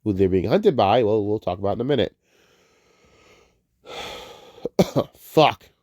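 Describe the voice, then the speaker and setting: A man's voice: on the low side, slow, dry recording. Guy getting over a cold ranting about a movie, swears a lot, goes off on tangents, dry close sound. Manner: profane, rambling, excitable. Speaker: movie reviewer. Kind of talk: casual spoken film review.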